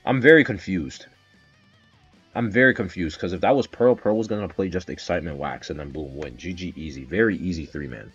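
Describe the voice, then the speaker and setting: A man calls a game match live in a casual, excitable way, swearing and breaking into loud shouts. His voice sits low. The audio is dull and lo-fi, with a soft guitar track underneath. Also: a little fast, slightly rough. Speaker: streamer and game commentator.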